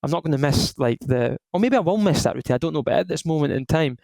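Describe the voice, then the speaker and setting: Here the former footballer from Scotland, a man in his thirties, sounds gravelly and on the high side as he talks fast. It's an easygoing podcast chat where he meanders through stories and keeps restarting, captured in a dry, low-quality recording.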